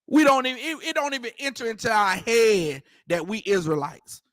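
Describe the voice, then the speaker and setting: A man's voice: extremely high pitch, normal speed, fairly bright tone, no echo, clean studio sound. A man teaching a scripture class, preaching emphatically in colloquial street talk and repeating his points. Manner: emphatic, repetitive, prompts reader to go ahead.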